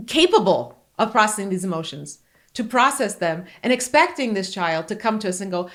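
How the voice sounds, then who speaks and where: A woman's voice: very animated, moderate pace, a bit bright. A middle-aged woman co-hosting a podcast, speaking in an earnest, emphatic conversational way. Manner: earnest and emphatic, rising in pitch when making a point. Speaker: podcast co-host.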